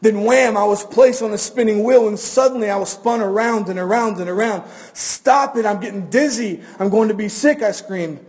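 Man doing a loud, anguished talking teacup from a sermon parable, high and pleading. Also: fairly even intonation, brisk, few pauses. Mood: frantic.

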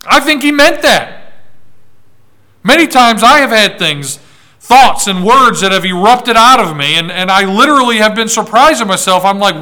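High, bright-voiced preaching man. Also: lively intonation. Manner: emphatic preaching with repeated words and long pauses; reads scripture aloud in old-fashioned wording. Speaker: pastor. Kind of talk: sermon.

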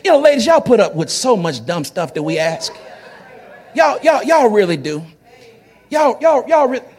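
A high-pitched male pastor preaches with a wide, swooping delivery. He jokes with the congregation and breaks into shouts at the climaxes. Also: normal speed. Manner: animated, joking, shouting at peaks. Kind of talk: sermon.

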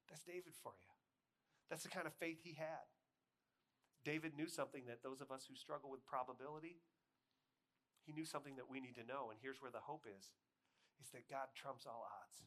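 A man preaching a sermon, telling a story with lively shifts between loud acted-out lines and quiet appeals. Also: medium pitch, normal speed, pauses often. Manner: animated storytelling, acting out voices, swings from loud to hushed. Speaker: pastor.

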